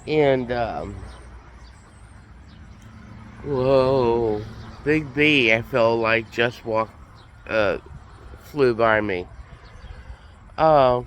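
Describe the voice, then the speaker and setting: Slow-talking congested man telling a story. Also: medium pitch, fairly bright tone, a little hiss or hum. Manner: chatty, recounts conversations as he tells them. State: congested, sick with a cold. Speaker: vlogger. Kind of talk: casual storytelling.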